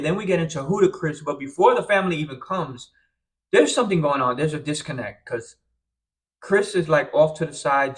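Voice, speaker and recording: A young man casually recapping a reality show episode, chatty and tired, sometimes acting out quotes. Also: mid-range voice. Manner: chatty, animated, acts out quotes.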